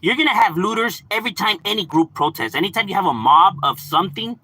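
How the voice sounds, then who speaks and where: A bright, bouncy man's voice, swinging high and low as he chats casually on a livestream. His tone is husky and close to the mic. He is full of slang, slips into Spanish, and laughs easily. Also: lively intonation, fast talker, dry recording. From Los Angeles, California. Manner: slangy, laughs often, switches into Spanish words. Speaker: livestream host reading chat.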